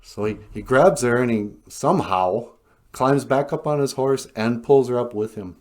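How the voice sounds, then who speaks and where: A man from an Ojibwe community in North America, acting as storyteller and host, retells a story in a loose, chatty, joking manner with laughing asides. His voice is medium-pitched and his speed is normal.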